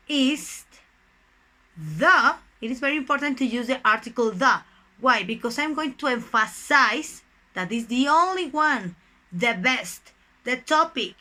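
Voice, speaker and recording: A young native Spanish speaker teaches online English grammar with a Mexican accent, taking her explanations slowly and deliberately and regularly addressing everyone as "guys." She has a sharp, somewhat high voice, and the recording is rough.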